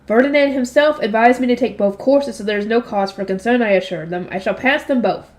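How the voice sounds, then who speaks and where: A young woman with a fairly high voice reads a light novel aloud. She gives the characters light touches of voice and now and then drops into loose, slangy commentary of her own. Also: fairly quick. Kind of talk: reading a novel aloud with casual asides.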